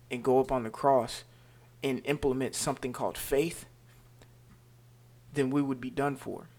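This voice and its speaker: A man's voice: medium pitch, a little mellow. Emphatic man teaching a scripture lesson. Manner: emphatic, repetitive, checks in with "all right?"; slows down to stress scripture words. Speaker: Bible teacher.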